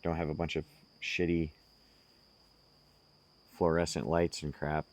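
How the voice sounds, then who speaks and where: A man speaking slowly and earnestly, giving direct self-help advice to the listener. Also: a bass voice, little pitch movement. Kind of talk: casual advice monologue.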